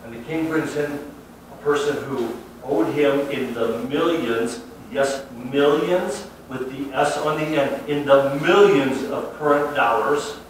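A man preaching a sermon in a conversational and emphatic way, often swinging between quiet asides and loud stresses. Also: measured pace, distant mic, a little hiss or hum. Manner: conversational and emphatic, with lively swings of pitch and loudness. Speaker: pastor. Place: church sanctuary. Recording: very echoey hall from afar.

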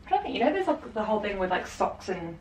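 A woman's voice: mid-range voice, big pitch swings, fast, far from the mic. A young woman chatting casually about clothes, filling her speech with little fillers and breaking into laughs. She sits back from the camera mic in a room that echoes. A faint hum runs underneath. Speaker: vlogger styling her friend. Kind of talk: casual chat. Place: indoors at home by a wardrobe.

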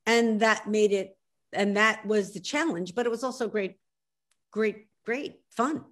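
A woman in her sixties with a Philadelphia accent speaks in an animated, emphatic way, cutting herself off and jumping back in. Her pitch sits in the middle range, and she sounds like she is on a video call. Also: measured pace. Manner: animated, emphatic, self-interrupting. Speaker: author guest.

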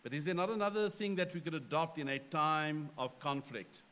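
A middle-aged man, a pastor, telling a story from his own life in a sermon with animated, self-deprecating storytelling. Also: a little high, moderate pace.

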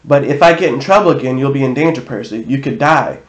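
A man's voice: medium pitch, quick pace, natural voice. An anxious young satyr pleads with worry, as a man acts him out. A roomy echo colours this storybook reading. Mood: worried.

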